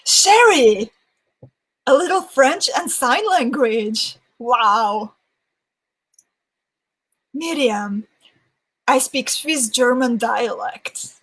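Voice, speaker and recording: Slow, breathy woman hosting a livestream. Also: high voice, expressive, fairly bright tone, rough recording. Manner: chatty, reads viewer comments aloud, laughs often. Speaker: host of live beading sessions. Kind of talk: casual livestream chat.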